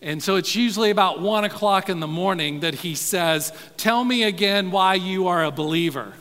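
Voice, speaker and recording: A man preaching a sermon, telling stories in a folksy way, sometimes quiet and sometimes animated. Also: high-pitched. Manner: folksy, says y'all, soft-spoken then animated. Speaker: pastor. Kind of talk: sermon storytelling. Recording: long hall reverb.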